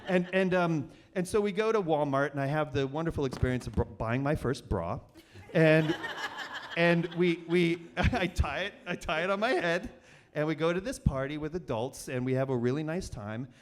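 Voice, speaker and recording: A man hosts a live storytelling show and spins a comic personal story in front of an audience. He rambles and corrects himself constantly, piling on fillers as he goes. His voice sits a little high for a man. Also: animated, moderate pace, a little hiss or hum. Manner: rambling and self-deprecating, many fillers and restarts.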